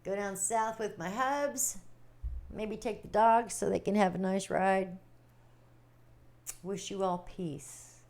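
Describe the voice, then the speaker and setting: A woman hosting a casual livestream, chatting warmly with viewers, reading their comments and laughing often. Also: medium pitch, fairly even intonation, takes it slowly, pauses often. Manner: chatty, giggly, reading chat aloud. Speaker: livestream host.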